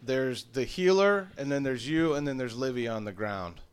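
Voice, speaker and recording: Male GM, relaxed descriptive narration, expressive up-and-down delivery. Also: mid-range voice, moderate pace, clean tone. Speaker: game master. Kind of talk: narrating a tabletop game.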